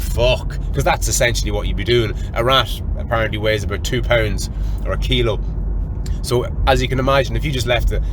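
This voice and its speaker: An Irish man hosting a solo podcast, telling a story in an animated, profane way and calling his listeners lads. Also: medium pitch, noisy background. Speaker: podcast host.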